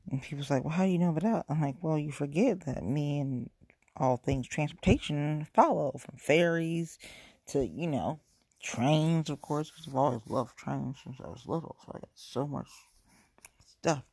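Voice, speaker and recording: Woman, husky, dry close mic, casual rambling host chat. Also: low voice, measured pace, mellow, no echo. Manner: rambling, repeats herself, frank.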